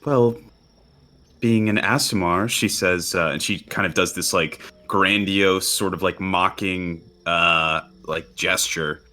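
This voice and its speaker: A man narrating as game master for a tabletop game, relaxed and halting with frequent fillers. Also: low voice.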